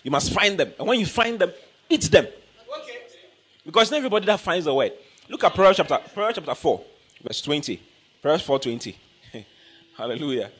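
A man preaching a sermon with a bright, forceful tone. His pitch swings widely as he hammers his points home and repeats them. He bursts into shouts now and then. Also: sing-song, fairly quick, pauses often, slightly rough. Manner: emphatic, repetitive, bursts into shouting.

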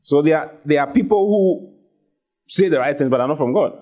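Fervent husky preacher. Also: male voice, fairly high pitch, animated, moderate pace, pauses often, warm tone. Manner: emphatic, repeats key phrases, rising to fervent exhortation. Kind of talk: sermon.

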